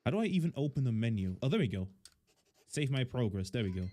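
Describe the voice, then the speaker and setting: A man's voice: mid-range voice, big pitch swings, fast talker, mellow. A man casually commenting on a game as he plays, thinking aloud with lots of fillers. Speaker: game streamer.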